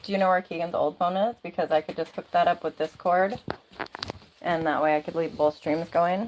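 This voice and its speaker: A woman's voice: on the low side, steady tone, fairly quick, a little mellow, slight background noise, poor audio. A woman hosting a casual livestream, chatty and rambling, laughing often, talking into a phone or laptop mic. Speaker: livestream host.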